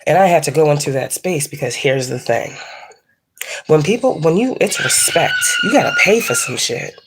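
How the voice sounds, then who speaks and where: A woman's voice: low-pitched, wildly swooping pitch, moderate pace, husky. A woman giving a casual tarot reading and ranting at viewers in a blunt, heavily profane, scolding way. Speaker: psychic tarot reader. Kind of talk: casual spiritual reading rant.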